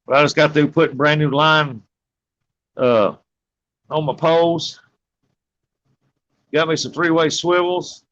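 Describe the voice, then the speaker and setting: A man's voice: a little high, steady tone, unhurried, long pauses, fairly bright tone. A man, chatting in a laid-back, drawling way over a video call. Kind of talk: casual chat. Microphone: phone on a video call. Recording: muffled video-call line.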